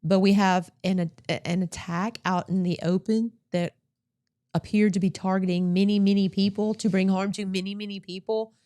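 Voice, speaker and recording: A woman's voice: mid-range voice, level tone, moderate pace, dark tone. A female co-host giving conversational, pointed commentary on the news. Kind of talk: news commentary talk show.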